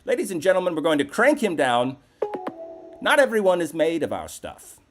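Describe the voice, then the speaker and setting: A man's voice: fairly high pitch, big pitch swings, moderate pace, music in the background. A man hosting a live call-in comedy show, talking in a brash, profane, rambling way. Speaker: host.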